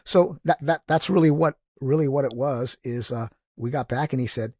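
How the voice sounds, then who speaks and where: A male motivational speaker telling animated stories as a podcast guest, acting out the people he quotes. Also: mid-range voice, normal speed, hardly any pauses, husky, dry recording, clean studio sound. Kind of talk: casual storytelling.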